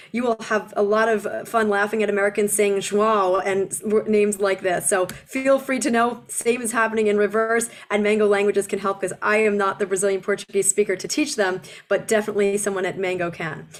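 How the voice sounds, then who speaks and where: A woman in her forties, an accent reduction coach, giving a webinar presentation and slowing down to model pronunciation. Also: medium pitch, steady tone. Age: 40s. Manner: explanatory, slows down to model pronunciation.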